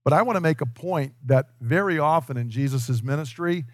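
A man's voice: fairly high pitch, a little fast, dry recording. A man preaching a sermon in a conversational storytelling way, acting out the voices he quotes. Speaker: pastor.

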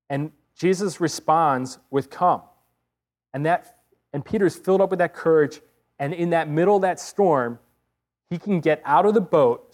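A man's voice: on the high side, a little mellow. A man preaching a sermon, retelling a story vividly and earnestly with rhetorical questions.

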